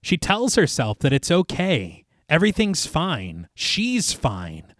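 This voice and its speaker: A man's voice: on the high side, slow, dry recording, studio quality. A man co-hosting a horror podcast, narrating a film's plot scene by scene. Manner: narrates plot at length, lively. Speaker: podcast co-host. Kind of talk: recapping a film plot.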